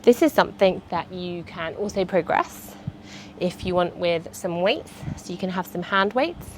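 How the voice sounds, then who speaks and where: A woman's voice: on the low side, animated, normal speed, a little hiss or hum. A woman, a fitness instructor chatting and cueing movements through a workout.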